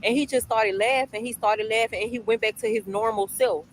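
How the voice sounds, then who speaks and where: A woman's voice: a little high, steady tone, a little fast, a little hiss or hum, low-quality recording. A woman casually telling a storytime to her viewers, chatty, repeating herself and addressing the audience often, recorded while on a break at work. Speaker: storytime vlogger.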